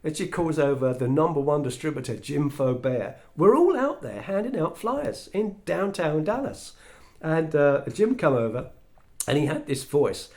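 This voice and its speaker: Englishman telling a lively story. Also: fairly high pitch, moderate pace. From England. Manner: animated, acts out quoted dialogue. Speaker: speaker sharing his story. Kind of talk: storytelling monologue.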